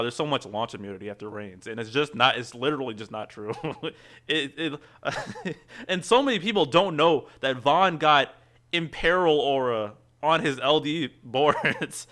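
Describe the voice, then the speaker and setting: A man's voice: on the high side, pushed and bright. A man hosting a game stream, ranting at length with frequent restarts and reading chat. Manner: fast, rambling rant with frequent restarts. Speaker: streamer host. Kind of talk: casual game stream rant.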